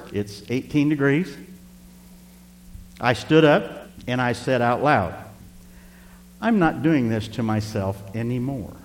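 A male preacher telling a personal story in a sermon, animated and speaking straight to the congregation. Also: mid-range voice. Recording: reverberant hall with faint hum.

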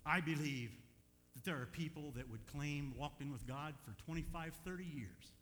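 A man preaching a sermon as pastor, in a folksy, animated way with chuckles between points. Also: on the high side, normal speed, long reverb tail, a little hiss or hum.

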